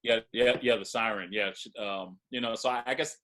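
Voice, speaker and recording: A man co-hosting a casual TV recap podcast, halting and restarting, often asking "you know what I mean". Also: lowish voice, steady tone, fairly bright tone. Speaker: podcast co-host.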